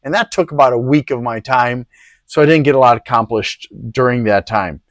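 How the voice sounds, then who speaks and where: A man's voice: mid-range voice, a little fast, no echo. A man hosting a PC hardware review channel, talking casually with rambling, sarcastic asides. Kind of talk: casual product review talk.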